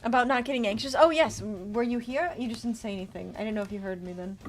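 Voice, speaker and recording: Chatty higher-voiced streamer woman. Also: fast talker, faint music behind. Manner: chatty, reads card text aloud and answers chat. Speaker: VTuber streamer. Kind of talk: casual livestream chat while deckbuilding.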